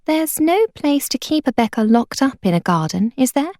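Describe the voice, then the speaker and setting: A woman doing a snappish high teenage girl. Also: very animated, normal speed, a little mellow, no room sound, clean studio sound. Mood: impatient. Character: sharp proud teenage girl.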